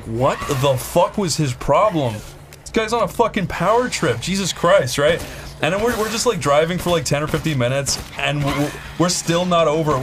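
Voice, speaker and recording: A man's voice: medium pitch, noisy background. A man hosting a gaming show, telling a casual, rambling anecdote full of fillers and restarts while he plays. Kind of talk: casual storytelling over gameplay.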